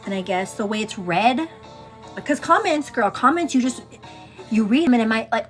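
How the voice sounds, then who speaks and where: High, chatty woman livestreamer. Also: very animated, brisk, faint music behind. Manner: chatty, calls viewers "girl" constantly; laughs often, teasing then turning earnest. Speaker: livestream host. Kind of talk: casual chat on a morning get-ready livestream.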